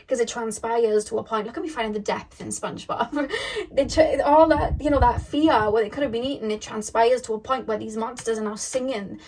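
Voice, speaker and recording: A woman tarot reader telling a spiritual story to camera in a rambling, emphatic way. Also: a little high. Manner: rambling, emphatic, lots of fillers and restarts.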